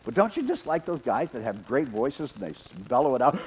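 A man preaching a sermon in church, lively and joking, calling on members of the congregation by name. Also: medium pitch, brisk, few pauses, slightly rough. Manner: lively, jokes with the congregation, calls out names. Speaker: pastor. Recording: dull sound with faint noise.

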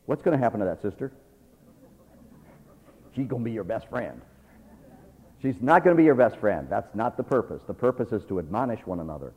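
A male preacher exhorting a church, moving between quiet asides and loud, emphatic passages. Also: lowish voice, big pitch swings, a little fast, pauses often, slightly rough. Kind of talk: sermon. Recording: tinny phone-like sound with long reverb.

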